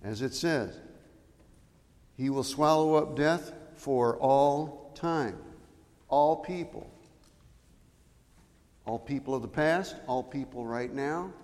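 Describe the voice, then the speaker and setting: A man preaching a chapel sermon as pastor, slow and deliberate, with sudden loud outbursts when he quotes scripture. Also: mid-range voice. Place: church chapel. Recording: long reverb of a chapel.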